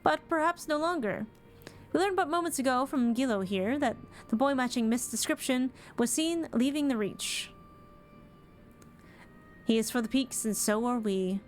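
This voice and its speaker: A woman's voice: high voice, lively intonation, moderate pace, a little hiss or hum. A woman voicing an earnest, determined young companion in a video game, reading her lines aloud.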